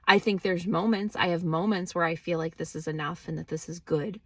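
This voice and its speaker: Low-ish and fairly even in intonation, her voice moves quickly with few pauses. The spiritual vlogger films herself in her car without an external mic, through a phone or camera, though the recording is clean, studio-like and free of room sound; she's blunt, cursing freely as she questions herself.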